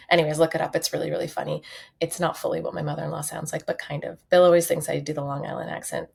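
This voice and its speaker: Woman from Canada, podcast host, gravelly low voice, candid reflective talk, many fillers. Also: flat delivery, very fast, a little mellow, a little hiss or hum. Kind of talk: solo podcast monologue.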